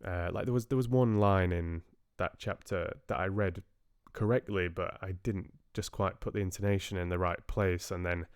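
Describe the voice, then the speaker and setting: Man with a low, resonant voice, casual streamer chatter, hesitant and self-correcting, dry close sound. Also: steady tone, normal speed, few pauses, smooth, no room sound. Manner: rambling, hesitant, restarts his sentences often. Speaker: audiobook narrator hosting a live stream. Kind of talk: casual chat with live-stream viewers.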